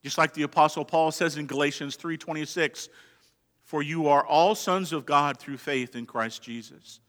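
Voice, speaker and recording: Bright, high-voiced preaching man in a reverberant hall. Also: normal speed. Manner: preaching with dynamic swings between hushed and emphatic. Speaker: pastor. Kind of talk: sermon. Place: church sanctuary. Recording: long reverb of a large hall.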